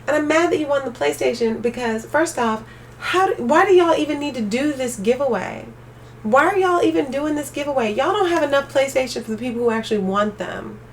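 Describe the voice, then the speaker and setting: Ranting young woman streamer, fairly high voice. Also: a little fast, distant mic, a little hiss or hum. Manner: animated ranting, talks straight to chat. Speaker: live streamer. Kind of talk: casual live-stream chat.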